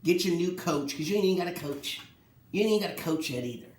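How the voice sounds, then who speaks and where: Animated man ranting about sports, echoey room. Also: high voice, fast talker. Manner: animated, rhetorical questions, mocking quotes. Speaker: sports talk host. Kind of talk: casual solo sports commentary.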